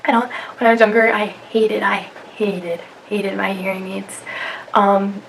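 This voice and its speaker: A woman's voice: medium pitch, little pitch movement, unhurried, creaky, rough recording. A young woman vlogging in a casual chat to camera, filling her talk with "like" and "um". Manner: chatty, many fillers and "like". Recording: faint background noise.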